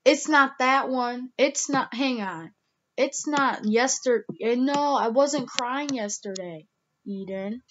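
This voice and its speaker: A woman's voice: a little high, slow pace, a bit bright, muffled recording, slight background noise. Teary rambling young woman vlogger. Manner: rambling, heavy use of "like", many restarts; emotional, close to tears. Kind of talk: casual vlog talk.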